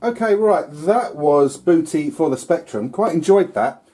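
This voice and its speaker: A man's voice: a little high, expressive, unhurried, mellow, breathy edge. A man giving casual, rambling commentary while playing an old computer game, with filler words and mild swearing. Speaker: retro gaming YouTuber.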